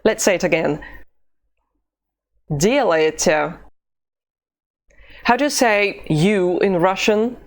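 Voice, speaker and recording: A woman teaching an online language lesson, pronouncing drill phrases slowly and deliberately. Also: mid-range voice. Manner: slow, deliberate drill pronunciation.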